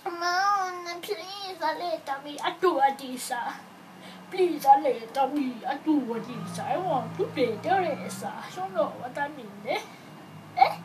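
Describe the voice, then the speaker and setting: A woman's voice: high-pitched, slow, far from the mic. A woman voicing a pleading comic character in a mock Italian accent, with broken, wheedling phrasing. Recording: noisy home recording.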